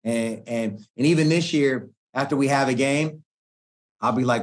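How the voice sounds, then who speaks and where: A middle-aged man, a guest coach, telling stories in a relaxed podcast chat, slangy and animated, often acting out what people said. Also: medium pitch, normal speed. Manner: animated slangy storytelling, acts out quoted speech. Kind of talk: casual podcast conversation.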